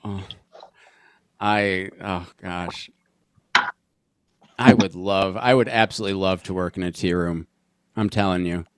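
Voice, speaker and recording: Enthusiastic man hosting, low smooth voice. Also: steady tone, measured pace, long pauses, no room sound, clean studio sound. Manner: enthusiastic, effusive, grateful. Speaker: host. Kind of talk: casual interview chat.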